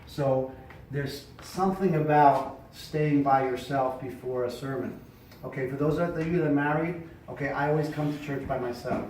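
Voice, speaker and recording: A middle-aged male pastor giving casual, chatty advice to other preachers, sometimes projecting loudly from the diaphragm. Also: medium pitch, moderate pace. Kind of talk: informal teaching talk to preachers. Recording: echoey room, mic at a distance, faint noise.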